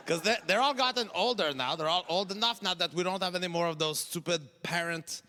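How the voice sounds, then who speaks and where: A man in his forties with a Quebec French accent, doing an exasperated, ranting stand-up set and shouting his punchlines. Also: high voice, a little fast. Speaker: stand-up comedian. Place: comedy festival stage. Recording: noisy live stage recording.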